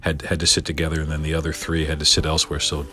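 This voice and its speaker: A middle-aged man telling a story casually, animated and excitable, often stumbling over his words with restarts. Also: rumbling low, racing, faint music behind. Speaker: podcast guest telling a story.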